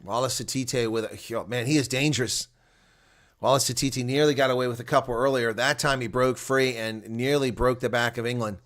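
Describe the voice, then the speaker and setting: Excitable man doing live rugby commentary. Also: mid-range voice, fairly quick. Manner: chatty, excitable, jumps to loud outbursts then mutters asides. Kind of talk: solo play-by-play and color commentary.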